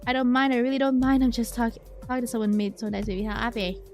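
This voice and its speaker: Woman putting on a desperate young guy in a game, begging over and over, pitched up. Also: fairly even intonation, fast, darkish tone, faint music behind, lightly acted. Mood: pleading. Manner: pleading, repetitive, breathless begging. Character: lonely desperate young man, clingy and self-loathing. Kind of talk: reading game dialogue aloud.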